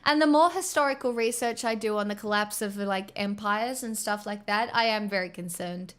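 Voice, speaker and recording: A woman's voice: mid-range voice, normal speed, fairly bright tone. An Australian woman streaming, chatting casually with viewers in a blunt, rambling way and swearing often. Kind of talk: casual chat reading viewer messages.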